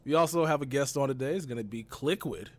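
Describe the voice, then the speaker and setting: A man's voice: medium pitch, quick pace. A man from Texas hosting a casual gaming podcast, talking loosely and rambling with easy laughs. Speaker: podcast host.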